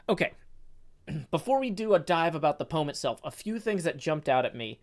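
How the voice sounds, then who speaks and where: A man's voice: a little high, sing-song, moderate pace. A man reading poetry aloud and chatting on his live stream, with careful stress on the words and frequent hesitant fillers.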